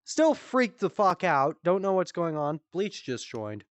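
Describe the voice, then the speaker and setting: A woman hosting a comedy stream, telling a story in casual, animated style, swearing freely and jumping high for quoted voices. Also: unhurried, no echo. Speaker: comedy show host. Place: virtual-world live stream.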